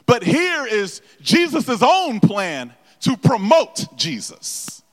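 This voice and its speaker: A man's voice: very high voice, wildly swooping pitch, a bit bright. A man preaching a sermon to his congregation, stumbling and repeating words as he explains scripture and asks the room questions. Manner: halting with many repeated words and fillers, addresses the congregation directly. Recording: long echo of a large hall.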